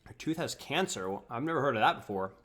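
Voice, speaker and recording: Speaking quickly at a medium pitch, with background noise audible, a young streamer coaches viewers through a video game. He eats as he casually fields their chat questions in a relaxed way.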